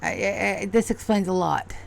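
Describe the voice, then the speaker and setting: A woman voicing a gruff, weary male swordsman who speaks with dry resignation. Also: medium pitch, moderate pace.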